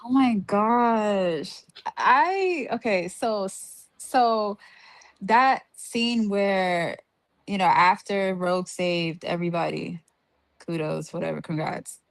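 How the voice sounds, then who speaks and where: Slow-talking woman ranting casually. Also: mid-range voice, dry recording. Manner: exasperated ranting with many fillers. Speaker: podcast co-host. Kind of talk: casual review chat.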